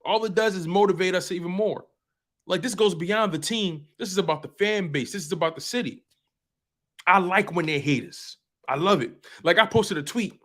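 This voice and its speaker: A man's voice: sits high, moderate pace, a bit bright. A man hosting a fan sports talk show, speaking passionately and emphatically and repeating phrases for effect. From US East Coast.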